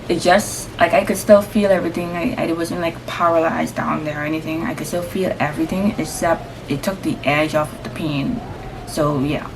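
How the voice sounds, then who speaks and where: A woman's voice: low voice, gravelly. Chatty young woman telling a story. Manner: lively, acts out voices, slangy and chatty. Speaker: vlogger, first-time mom. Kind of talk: casual storytelling to camera. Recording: steady background noise.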